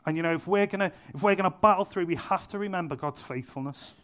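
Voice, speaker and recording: A man's voice: high voice, quick pace, fairly bright tone. A young man preaching a sermon in a church, casual and humorous, driving points home by repeating them. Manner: conversational, self-deprecating humour, emphatic repetition. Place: church venue.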